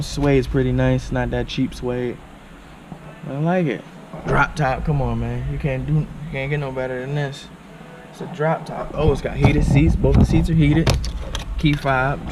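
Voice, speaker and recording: A man doing a casual car walkaround for his vlog, excitable and slangy, talking straight to viewers. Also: mid-range voice, background noise. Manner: loose, slangy, excitable, talks to viewers as y'all. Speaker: car vlogger. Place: indoor car dealership showroom. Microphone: handheld camera with small on-camera mic.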